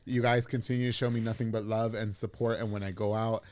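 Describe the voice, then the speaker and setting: A man in his thirties hosting a podcast, chatting casually, laughing often and reading sponsor shout-outs. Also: fairly low pitch, little pitch movement. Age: 30s. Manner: fast, laughing, emotional thank-yous. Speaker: podcast host. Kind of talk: casual podcast chat with ad reads.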